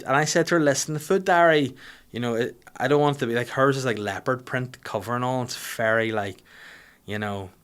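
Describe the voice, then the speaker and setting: A man's voice: mid-range voice, fairly bright tone. A man with a Northern Irish accent hosting a podcast, rambling through a casual comedic monologue, self-deprecating and sweary. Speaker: podcast host.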